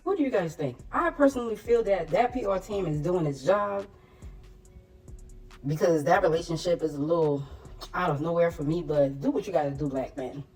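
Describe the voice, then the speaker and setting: A woman's voice: lowish voice, moderate pace, darkish tone, far from the mic, faint music behind. A woman giving casual opinions in a sassy, teasing way, laughing often. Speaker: commentator.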